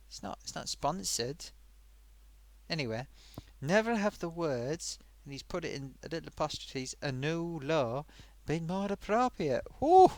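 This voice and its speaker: A man as a chatty sock puppet host. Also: fairly high pitch. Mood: indignant. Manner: chatty, full of oofs and sighs. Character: cheeky male sock puppet show host. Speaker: host reading viewer comments. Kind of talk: live-stream chat.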